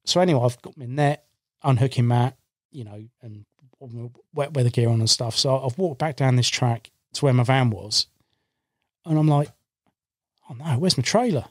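Man, casual storyteller, mid-pitched voice, dry close studio sound. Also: moderate pace, no echo. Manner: animated anecdote-telling, acts out his own past lines. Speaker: podcast guest, carp angler. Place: podcast studio. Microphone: studio microphone.

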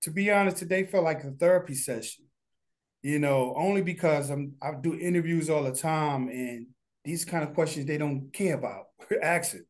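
A studio founder appears as an interview guest, speaking at normal speed in a fairly high voice. He's earnest and heartfelt, talking casually and rambling, often restarting his sentences.

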